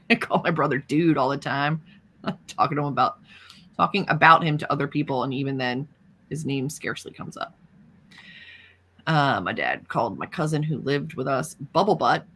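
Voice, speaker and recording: Playful woman hosting a stream, bit low pitched, faint hiss behind her. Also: a bit bright. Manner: playful, teasing, laughs often. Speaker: livestream host. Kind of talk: casual chat.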